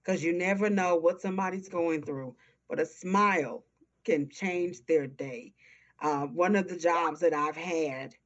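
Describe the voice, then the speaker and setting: Southern woman in her forties, interview guest, heartfelt and emphatic, dull lo-fi sound. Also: deep voice. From Texas. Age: early 40s. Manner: earnest, heartfelt, slow and emphatic. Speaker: guest, nonprofit founder. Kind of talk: interview conversation. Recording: dull lo-fi audio.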